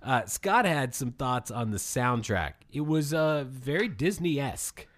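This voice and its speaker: A man's voice: mid-range voice, animated, measured pace. A man hosting a podcast, recapping a film in a rambling, casual way and laughing often.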